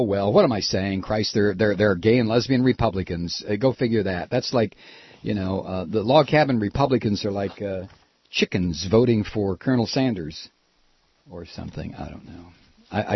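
Husky male talk-radio host, lively and sarcastic, dry dull studio sound. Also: lowish voice, no room sound. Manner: animated, sarcastic, mimics politicians. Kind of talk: political talk radio monologue.

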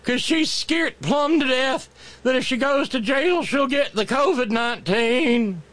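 A man's voice: extremely high pitch, a little slow, fairly bright tone, pitched above the performer's own voice. A man voicing a mock rural defense lawyer who pleads with a judge in an exaggerated, ungrammatical country drawl. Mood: pleading.

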